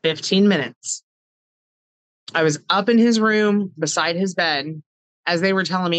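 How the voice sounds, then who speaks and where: A woman's voice: lowish voice, unhurried, dry recording, poor audio. A middle-aged woman, a podcast guest, telling a personal story with heartfelt earnestness, acting out past conversations in quoted dialogue.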